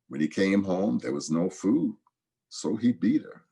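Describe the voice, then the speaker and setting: A man reading folk tales aloud in a dramatic, expressive storytelling manner. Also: lowish voice, a little slow, breathy edge.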